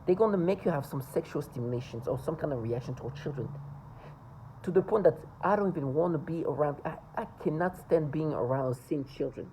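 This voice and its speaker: A woman talking to camera in a personal vlog monologue, earnest and insistent, often halting, repeating words and restarting sentences. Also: deep voice, dark tone, a little hiss or hum, poor audio. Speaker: vlogger.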